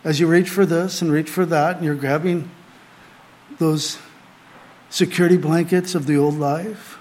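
A middle-aged man preaches to a small group in a fairly high voice. He delivers his sermon earnestly, building to emphatic lines before falling back to quiet, conversational asides. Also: steady tone, unhurried. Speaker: pastor.

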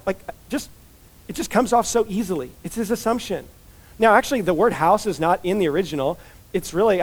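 A man giving a conversational expository sermon as a pastor, chatty and informal, full of "like" and "you know" asides. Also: high voice.

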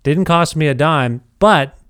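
A middle-aged man tells a self-deprecating story in a casual, animated way, often stumbling and restarting. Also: fairly high pitch, unhurried, smooth, no room sound, studio quality. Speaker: podcast storyteller.

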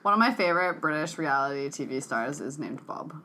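A woman's voice: sits low, animated, fairly quick, bright, forceful tone, slight background noise. A woman co-hosting a podcast in casual chat, bubbly and slangy, saying "like" often. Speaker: podcast co-host.

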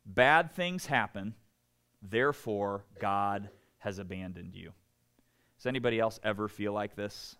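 A man preaching a sermon, speaking conversationally, asking his listeners "right?" again and again and acting out quoted voices with big swings in pitch and loudness. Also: measured pace, clear, resonant tone. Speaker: pastor.

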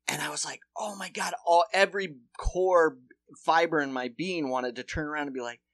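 Podcast co-host, male, bright dry voice, animated swearing storyteller. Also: a little high, moderate pace, no echo. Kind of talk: casual chat.

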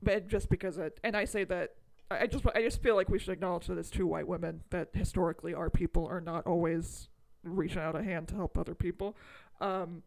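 Podcast cohost lady, gravelly voice, swears a lot and laughs a bunch, lively casual chat. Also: fairly low pitch, a little fast, few pauses. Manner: animated, swears freely, laughs often. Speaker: podcast co-host.

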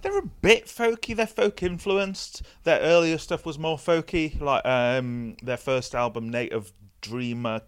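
A man's voice: on the high side, unhurried, few pauses, smooth. A man co-hosting a podcast who talks casually and hesitantly about music. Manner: hesitant, filler-heavy, laid-back. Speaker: podcast co-host.

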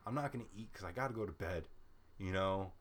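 A young man with a fairly low-pitched voice tells a story in a casual chat. He swears constantly and rants with animated frustration, laughing his way between complaints. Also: quick pace. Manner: profane, animated ranting storyteller.

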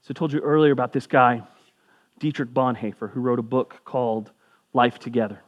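A man's voice: mid-range voice, brisk, lo-fi sound. A man preaching as a pastor, talking in a conversational way with asides, his voice rising for emphasis. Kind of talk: sermon.

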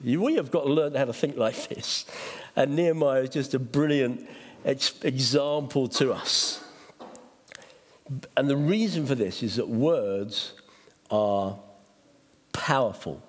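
A middle-aged man, a pastor, preaching a sermon in an animated way, acting out quotes and laughing at himself. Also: medium pitch, unhurried, long pauses. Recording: long hall reverb.

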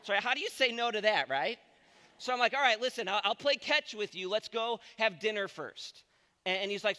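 A man in his thirties preaching a sermon with a high, bright, forceful voice. He tells stories animatedly and acts out the voices of the people in them. His words ring out with a long reverb through a large church hall. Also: brisk. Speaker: pastor.

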